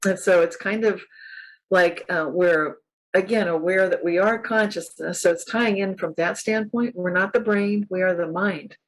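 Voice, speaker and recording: A woman's voice: lowish voice, normal speed, low-quality recording. A woman author from California chatting as an interview guest, enthusiastic and spiritual, often laughing. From California, USA. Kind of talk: casual interview chat.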